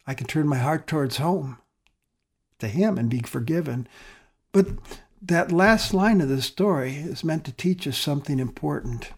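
Male pastor, fairly high voice, earnest sermon delivery with shifting emphasis. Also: expressive, moderate pace, breathy edge. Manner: earnest, with swings between loud emphasis and soft, quiet phrases.

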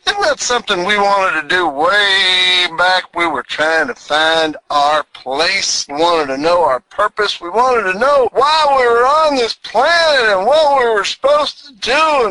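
A man in his sixties from the United States hosting his own vlog, talking loudly and excitedly from a small mobile studio. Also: high-pitched, rough recording. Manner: loud and excited. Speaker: vlog host. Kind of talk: excited monologue to camera.

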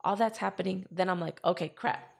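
A woman's voice: lowish voice, brisk, creaky. A woman telling a personal story in casual chat, acting out what she and others said. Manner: animated retelling, acting out her own quotes.

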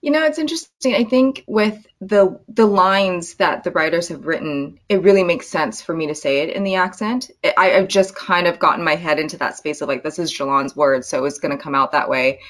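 Low-voiced woman, relaxed actress guest. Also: brisk, hardly any pauses. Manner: relaxed, friendly, filler "like". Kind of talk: casual interview chat.

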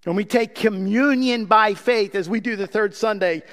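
A man's voice: high voice, moderate pace, a bit bright. A man preaching a sermon as pastor, emphatic, often asking the congregation a rhetorical "what?". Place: church sanctuary. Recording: long reverb from a large church hall.

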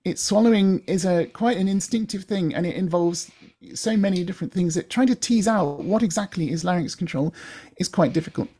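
A woman's voice: fairly low pitch, a little fast, dark tone, breathy edge. A woman, working as a voice coach, explaining in a chatty way and demonstrating sounds.

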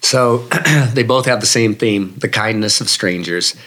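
A man's voice: lowish voice, measured pace, fairly bright tone. A man, a guest runner, telling personal stories in an interview in a casual, reflective way with many fillers. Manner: reflective, casual, lots of fillers like "you know". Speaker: guest, long-distance runner. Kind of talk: storytelling in an interview.

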